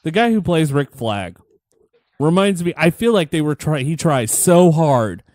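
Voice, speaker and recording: A man's voice: fairly high pitch, sing-song, unhurried, a little mellow, no room sound. Wry, offhand man chatting about movies. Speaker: podcast co-host. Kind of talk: casual movie-watching commentary.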